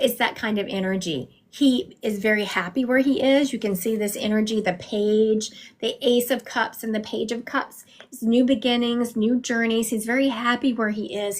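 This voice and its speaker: A woman, chatting casually to viewers on a livestream as she gives psychic readings from home. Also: a little high. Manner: chatty, warm-hearted, talks straight to viewers.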